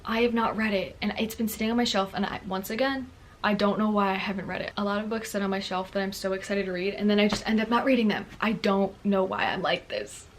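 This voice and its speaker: A young woman book vlogger talks casually to the camera, bubbly and chatty, dropping "like" and "girlie" constantly. Her voice sits at a medium pitch with a steady tone, and she speaks fast. There's a faint hiss or hum in the recording.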